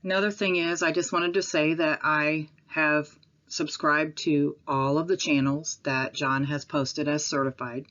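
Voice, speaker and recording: A woman from the Midwest of the United States with a Midwestern accent, rambling and apologetic in a casual vlog, with pauses and ums. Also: sits low, steady tone, fairly bright tone, lo-fi sound. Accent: Midwestern American. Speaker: vlogger. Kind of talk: casual talk to camera. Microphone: home recording.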